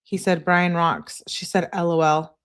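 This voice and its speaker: Woman, lowish voice, true crime host, reads messages aloud, plain delivery, spells abbreviations letter by letter. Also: little pitch movement, unhurried, a bit bright, clear, resonant tone. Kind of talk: reading text messages aloud.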